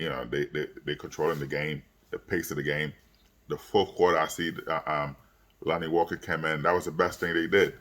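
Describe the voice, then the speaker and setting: A man's voice: rumbling low, a bit bright. A tired young man, yawning late at night, rambling through a casual sports recap with lots of fillers and repeated words. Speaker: sports vlogger. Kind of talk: casual sports commentary vlog.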